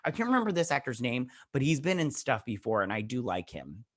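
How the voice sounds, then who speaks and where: A man's voice: mid-range voice, very animated, fairly quick, fairly bright tone, no room sound. A man hosts a casual TV review vlog and rambles through the plot with frequent restarts. He slips into the characters' lines as he retells each scene. His mid-range voice sounds close and dry. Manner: rambling recap, often acting out characters' lines; frequent restarts and "he's all like". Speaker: show host reviewing a TV episode.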